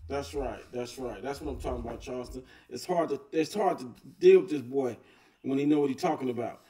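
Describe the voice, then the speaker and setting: A man's voice: mid-range voice, fairly quick, warm tone, far from the mic. A man hosting a reaction video, commenting on a clip in a laid-back way and agreeing often.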